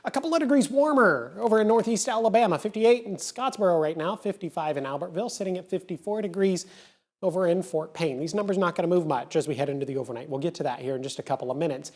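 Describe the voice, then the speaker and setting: Fast-talking upbeat TV weatherman. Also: sits high, a little mellow. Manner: quick, chatty and upbeat. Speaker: meteorologist. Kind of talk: TV weather forecast.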